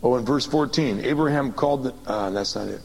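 A man preaching a sermon, swinging from excited high bursts to quiet low reading, calling on the congregation to repeat after him. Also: a little fast, gravelly, a little hiss or hum, poor audio. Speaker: pastor.

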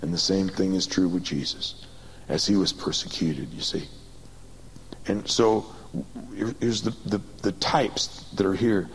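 A man preaching a sermon, swinging from excited high bursts to quiet low reading, calling on the congregation to repeat after him. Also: a little slow, slight background noise, rough recording. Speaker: pastor.

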